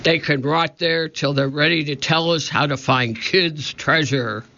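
A man voicing a gruff, scowling male pirate captain who growls and roars his lines in an audiobook. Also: on the high side, fairly even intonation, measured pace, bright, forceful tone, full character voice. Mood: roaring orders. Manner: growling, roaring pirate talk. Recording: dull lo-fi recording.

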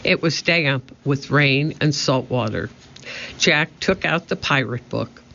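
A man narrating a children's storybook in a steady, expressive reading, in a muffled lo-fi recording. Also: mid-range voice, slow, creaky, a little hiss or hum. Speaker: audiobook narrator. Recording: muffled lo-fi audio.

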